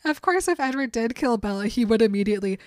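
A woman's voice: a little high, expressive, quick pace, dry recording, clean studio sound. A young woman co-hosting a casual book discussion, chatty and laughing often as she reads passages aloud. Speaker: podcast co-host.

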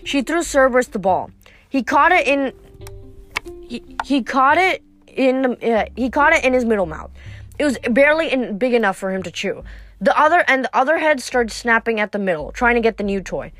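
A woman reads a novel aloud in a fairly high voice, now and then tripping over a word and starting it again. Quiet music plays faintly in the background. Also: animated, normal speed. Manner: stumbles and restarts words while reading. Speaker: reader.

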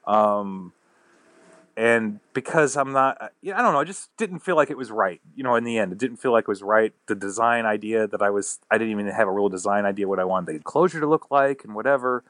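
A man's voice: fairly low pitch, brisk, fairly bright tone, dry recording. A man chatting casually as a podcast guest, rambling through a story and acting out what people said. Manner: rambling storyteller who acts out quotes. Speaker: podcast guest, pedal builder.

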